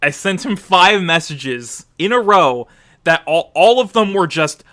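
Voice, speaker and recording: A man hosting a casual podcast chat, animated and swearing freely as he acts out scenes. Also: high voice, measured pace.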